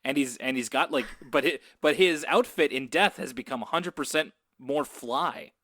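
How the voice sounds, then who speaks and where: A man's voice: medium pitch, moderate pace, bright, forceful tone. A man co-hosting a podcast, recapping a cartoon in rambling, chatty talk and laughing easily. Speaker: podcast co-host. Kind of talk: casual chat recapping a cartoon.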